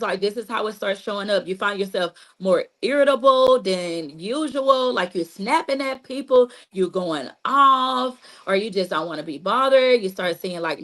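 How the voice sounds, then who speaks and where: Talking straight to her audience, this woman therapist delivers a relaxed, repetitive lesson on healing from trauma, peppered with "like" and "you know." Her mid-range voice sounds a bit bright. The audio is poor, and she's an adult with a child.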